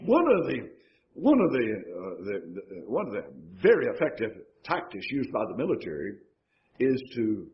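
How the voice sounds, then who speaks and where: A man preaching a sermon at a church, stressing words with rising and falling emphasis and halting restarts. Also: fairly low pitch, wildly swooping pitch, a little hiss or hum. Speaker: pastor. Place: church sanctuary. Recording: dull lo-fi church recording.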